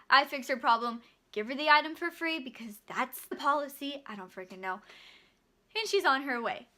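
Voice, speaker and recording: A young woman in her twenties, a store bakery clerk, telling a storytime vlog in an animated way and acting out both sides of a scene. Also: high-pitched.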